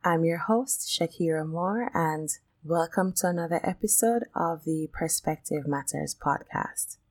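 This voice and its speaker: A woman from Jamaica with a Jamaican accent hosting a solo podcast, talking casually and lively and slipping into patois. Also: deep voice, measured pace. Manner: lively, switches into patois, laughs often. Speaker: podcast host.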